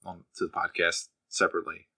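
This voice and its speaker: A man's voice: sits low, completely flat delivery, quick pace, bright, forceful tone, slightly rough. A man co-hosting a podcast, talking casually with dry humor. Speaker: podcast co-host. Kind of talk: casual chat.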